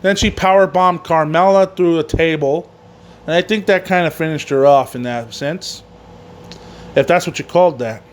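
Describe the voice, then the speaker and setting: On a laid-back wrestling recap podcast, the host, a man with a fairly high voice, talks at a moderate pace over a little hiss or hum. His delivery wanders, he curses freely, and he keeps laughing at his own jokes.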